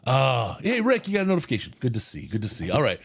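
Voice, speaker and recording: Lively, playful man hosting a sports podcast. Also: medium pitch, fast, vocal fry, slightly rough. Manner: playful, upbeat, jokey with frequent laughs. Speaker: podcast host. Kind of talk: casual sports podcast chat.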